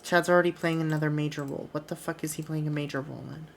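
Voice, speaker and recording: A woman's voice: deep voice, flat delivery, very fast, slight background noise. A woman streamer chatting casually while she plays a wrestling booking game, swearing offhandedly.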